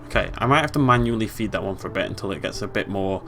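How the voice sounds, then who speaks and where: A man's voice: on the low side, very fast, a bit bright, faint music behind. A young British man giving casual, chatty let's play commentary, playfully talking to the game animals.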